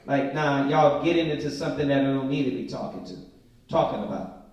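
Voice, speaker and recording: A man teaching a Bible study, reading scripture slowly and with emphasis, then breaking into casual, slangy commentary. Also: medium pitch, darkish tone, muffled recording. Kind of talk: informal scripture study sermon. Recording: very echoey room from a distant mic.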